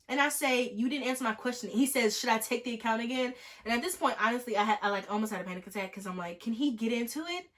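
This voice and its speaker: This storytime vlog features a young woman with a slightly high voice who talks fast with few pauses. Chatty, animated and sarcastic, she regularly mimics the people she quotes in a mocking way.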